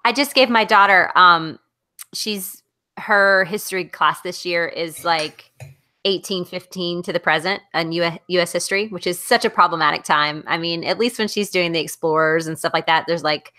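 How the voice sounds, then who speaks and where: A Southern American woman, middle-aged, talks books casually on a podcast. Her voice sits slightly low and comes across bright and forceful. She rambles with fillers and restarts. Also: moderate pace. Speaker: podcast co-host. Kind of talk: casual book discussion chat.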